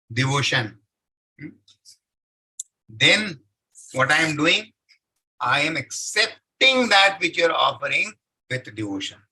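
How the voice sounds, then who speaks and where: A man's voice: fairly high pitch, big pitch swings, takes it slowly, pauses often, bright, forceful tone, husky, rough recording. A man giving a devotional scripture lecture. He recites Sanskrit verses, then explains them, and keeps asking his listeners questions that he answers himself. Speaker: scripture class speaker.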